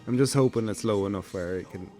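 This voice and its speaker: A man's voice: fairly low pitch, quick pace, a little mellow, faint music behind. A man casually commenting on old television adverts in a reaction video, chatty and laughing along.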